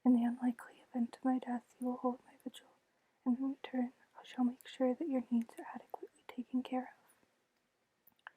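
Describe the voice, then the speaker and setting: A woman in whispered role-play voicing an old male con man, in a soft unvoiced whisper. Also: sits high, little pitch movement, normal speed, slightly rough, rough recording. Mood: sly.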